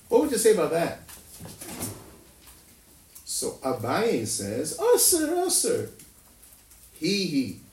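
A man giving an animated Talmud lecture, asking rhetorical questions and tagging many lines with "no?" in a sing-song manner. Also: vocal fry. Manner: rhetorical questions, often ending with "no?"; sing-song, animated delivery with sudden jumps in pitch. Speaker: Talmud teacher. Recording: echoey room, recorded from a distance, faint noise.

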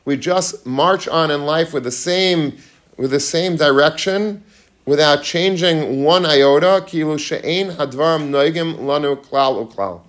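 A man's voice: fairly high pitch, brisk. A man giving an informal Torah lecture to students, chatty and full of questions to the room, mixing in Hebrew and Yiddish terms. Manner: conversational, asks the audience questions, mixes Hebrew and Yiddish terms. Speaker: rabbi giving a talk to students. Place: room with a live audience.

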